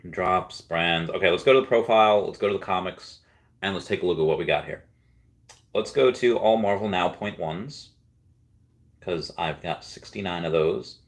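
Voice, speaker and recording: Brief: deep-voiced male streamer, loose rambling chat, reads comments out to viewers. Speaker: livestream host. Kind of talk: casual livestream chat.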